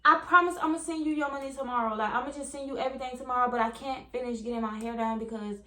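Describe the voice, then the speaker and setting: A flustered young client pleads and talks her way around paying, in a high voice, as a woman puts her on. The voice rings in an echoey room. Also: steady tone, quick pace, pushed and bright. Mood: pleading. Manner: pleading, excuse-making. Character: flustered young female salon client, evasive.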